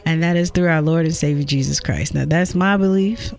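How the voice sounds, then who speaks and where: A talk show guest speaking firmly and deliberately about Christian faith and giving. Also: mid-range voice, creaky. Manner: slow, deliberate, firm about beliefs.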